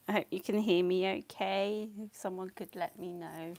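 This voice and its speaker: A woman chatting casually on a live stream while she paints, scattered and quick to laugh, muttering asides to herself. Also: medium pitch. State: a bit out of breath.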